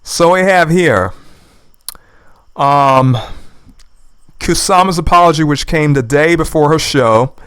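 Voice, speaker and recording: Male commentator with a smooth, resonant voice pitched a touch high, delivering sarcastic, indignant reaction commentary. Dry sound. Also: slow, pauses often, fairly bright tone, no echo. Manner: indignant, sarcastic, repeats his points. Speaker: YouTube commentator. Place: lives in the United States.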